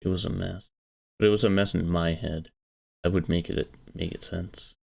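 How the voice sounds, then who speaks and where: A man's voice: low voice, steady tone, normal speed, vocal fry, darkish tone. A man streaming a visual novel, reading the narration aloud in an earnest storytelling manner.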